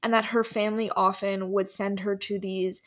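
A woman's voice: mid-range voice, little pitch movement, normal speed. A woman co-hosting a podcast, telling a story in casual chat, laughing often and filling with "like". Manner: chatty, laughs often, many "like" fillers.

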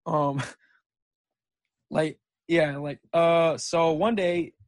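A man's voice: fairly high pitch, fairly even intonation, extremely slow, no room sound. A young man, a junior college football player, chatting casually as a podcast guest and telling rambling stories full of "dude" and "like". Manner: laid-back, rambling storyteller saying "dude" and "like". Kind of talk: casual chat.

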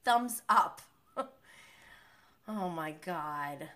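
A woman recapping reality TV in a casual reaction vlog, exasperated and animated, saying "effing" in place of swear words. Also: lowish voice, very slow. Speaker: vlogger.

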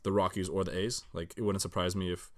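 A man with a fairly low voice talks sports quickly and casually with a friend. His delivery is laid-back and low-key, and he slips in dry jokes as he goes. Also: level tone.

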